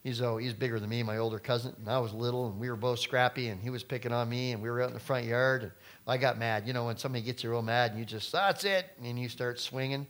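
Conversational preaching man with loud bursts. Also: mid-range voice, fairly even intonation, fast talker. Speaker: pastor. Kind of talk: sermon.

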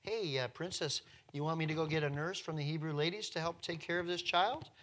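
A male preacher voicing a quick-witted young girl who coaxes a princess in a dramatized sermon story. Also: a little high, a bit bright, natural voice. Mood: coaxing.

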